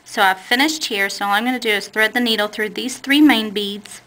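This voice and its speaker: Bright-voiced woman teaching beadwork. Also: mid-range voice, fairly quick, low-quality recording. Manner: patient, plain, self-correcting while working with her hands. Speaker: beading instructor. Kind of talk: step-by-step craft tutorial.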